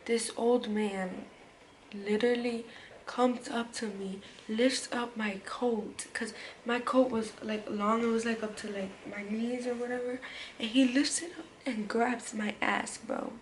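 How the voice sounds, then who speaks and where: A young woman recounts a story for her vlog in loose, slangy speech, stumbling over fillers and restarts and now and then sinking to a whisper. Her voice sits a little high, with a faint hum of room noise behind it. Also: steady tone, rough recording. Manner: casual, slangy, halting with many fillers and restarts. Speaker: vlogger.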